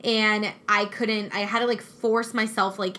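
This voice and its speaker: A woman's voice: mid-range voice, a little slow, a little hiss or hum. A young woman telling a personal story in casual chat, acting out what people said. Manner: animated storytelling, acting out quotes.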